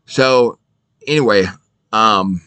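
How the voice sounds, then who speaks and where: A man's voice: on the low side, slow, fairly bright tone, clean tone, dry recording. A man giving a casual video Bible lesson, emphatic and repetitive, asking rhetorical questions and answering them himself. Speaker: Bible teacher.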